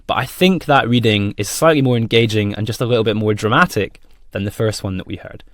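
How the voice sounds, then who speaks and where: A man presenting a software demo in a friendly, plain explanatory tone. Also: on the low side, brisk, hardly any pauses, no echo, clean studio sound. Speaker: product presenter.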